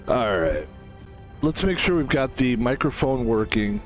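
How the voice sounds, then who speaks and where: A man streaming a game who talks casually to his audience. He rambles, swears often and drifts into jokey asides. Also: medium pitch. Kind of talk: casual solo stream monologue.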